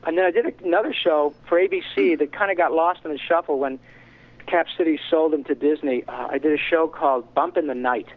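A man's voice: a little high, a little fast, narrow, tinny audio. A man, a voice actor, chatting in an interview in a joking, rambling way. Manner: chatty, joking, full of filler restarts. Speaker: voice actor, guest. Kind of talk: interview chat.

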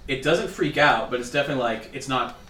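A man's voice: medium pitch, fast talker. Rambling male game master, roomy and distant. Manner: loose, rambling descriptions full of fillers. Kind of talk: narrating a tabletop game. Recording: roomy, distant mic with background noise.

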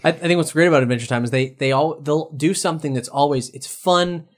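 A man's voice: on the high side, fast talker. A man co-hosting a podcast, talking in a loose, enthusiastic way with frequent restarts. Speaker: podcast co-host. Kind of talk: casual chat.

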